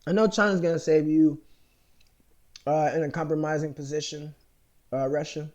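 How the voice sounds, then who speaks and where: American male vlogger, slightly higher voice, loose rambling monologue packed with fillers and cursing. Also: fairly even intonation, normal speed, darkish tone. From United States. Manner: profane, rambling, heavy with fillers and restarts.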